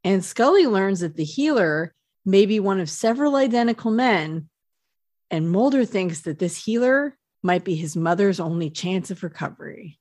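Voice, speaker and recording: A woman co-hosts a podcast, chatting casually and sharing background trivia about an episode. Her medium-pitched voice is animated and a little mellow, at a moderate pace. The recording is dry with clean studio sound.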